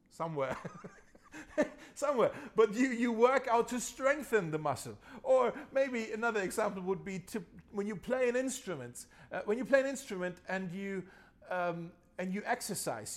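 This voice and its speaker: A male pastor delivering a conversational sermon, repeating key phrases and chuckling at himself now and then. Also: sits high.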